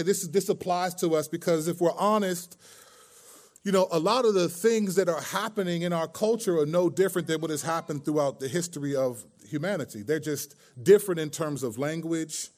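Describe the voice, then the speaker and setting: A man's voice: a little high, moderate pace, a little mellow. A man preaching a conversational sermon as pastor, joking and telling stories with many restarts.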